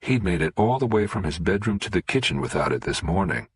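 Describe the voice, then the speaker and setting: A man narrating a suspense audiobook in a steady, unhurried reading. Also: deep voice, slightly rough. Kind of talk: scripted narration.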